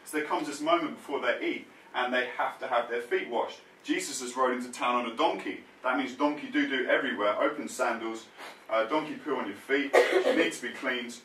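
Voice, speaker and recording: A man preaching in a bright, ringing voice, telling his story with lively energy and casual slang. He sounds roomy and a bit distant from the mic, with faint ambience behind him. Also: mid-range voice, fairly quick, a little hiss or hum. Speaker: pastor. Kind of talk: sermon. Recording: roomy sound, mic set back from speaker.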